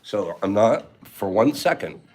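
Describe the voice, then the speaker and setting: A man's voice: lowish voice, very animated, measured pace. A man hosting a casual livestream, rambling and teasing as he reads viewer comments, laughing often. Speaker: livestream host.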